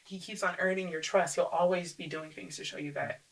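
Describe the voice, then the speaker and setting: A woman's voice: fairly low pitch, fairly even intonation, a little fast, low-quality recording. Earnest woman sharing her faith. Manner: earnest, laughs often, trails off. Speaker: podcast guest, actress. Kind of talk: casual faith chat.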